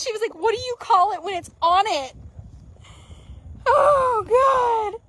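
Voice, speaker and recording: A woman's voice: very high voice, unhurried, long pauses, fairly bright tone, slight background noise, poor audio. A woman riding a horse outdoors, chatting casually and playfully putting silly thoughts into the animals' mouths. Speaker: horse trainer riding and narrating. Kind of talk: casual chat while riding. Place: outdoor horse barn or arena.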